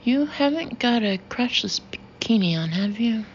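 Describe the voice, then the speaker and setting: A man's voice: extremely high pitch, expressive, normal speed, highs cut off, slight background noise, voice pushed up. A woman reading an audiobook voices a blunt, impatient young husband. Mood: teasing.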